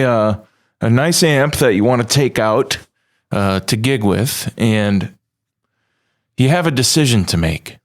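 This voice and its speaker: A man's voice: medium pitch, expressive, takes it slowly. A man co-hosting a casual podcast, playful and rambling, often losing his thread. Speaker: podcast co-host.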